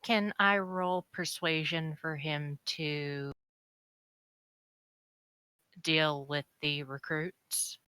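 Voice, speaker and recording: Woman, tabletop player, soft, tentative, bright tone, dry sound. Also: low voice, steady tone, takes it slowly, clean tone, no room sound.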